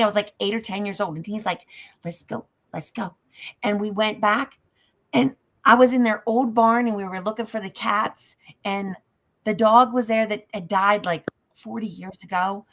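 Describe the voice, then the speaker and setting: A woman telling a personal dream story in a casual chat, halting and emotional, dropping softer at times. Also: mid-range voice.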